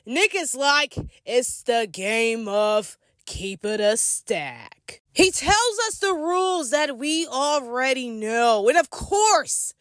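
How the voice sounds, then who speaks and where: A woman's voice: on the high side, a bit bright, no echo, studio quality. A woman giving a casual, sassy and slangy recap commentary of a reality show episode. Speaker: commentary vlogger.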